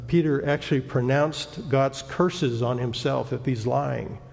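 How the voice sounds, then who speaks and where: A man preaching a sermon as pastor, with a halting, reflective delivery. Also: medium pitch, creaky, a little mellow. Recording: long church-hall reverb.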